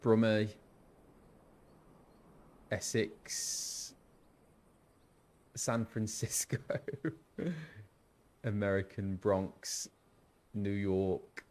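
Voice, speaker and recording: A man's voice: fairly low pitch, fairly even intonation, extremely slow, long pauses, a little mellow. Giggly man chatting on a game stream. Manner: chatty, giggly, thinking aloud. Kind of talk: casual live-stream chat.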